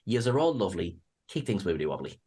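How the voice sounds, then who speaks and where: A man's voice: sits low, sing-song, fast, dark tone, breathy edge. A man co-hosting a casual discussion, jokey and chatty, talking straight to viewers. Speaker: co-host.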